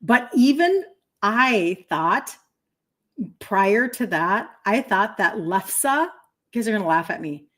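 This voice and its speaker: A woman's voice: mid-range voice, animated, slow, fairly bright tone. A woman in her fifties, a health coach hosting a livestream, telling a chatty story in a casual way and breaking off to thank viewers. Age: 50s.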